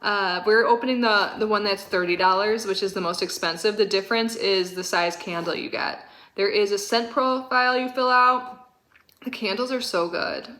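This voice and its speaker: A woman in her thirties chatting through a casual unboxing, gushing and excitable with lots of fillers. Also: medium pitch, moderate pace. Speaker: subscription box reviewer.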